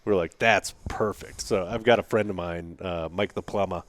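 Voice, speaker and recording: A man with a deep voice tells stories in a laid-back podcast chat, swearing freely. The sound is dry and close, with no room in it. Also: steady tone, moderate pace, no room sound. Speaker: guest, company partner. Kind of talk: casual podcast conversation.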